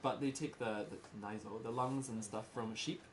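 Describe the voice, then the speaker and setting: A Scottish man giving a casual talk to a small group, in simple slow words and laughing often. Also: medium pitch, steady tone, a little hiss or hum. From Scotland. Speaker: presenter giving a talk about Scotland.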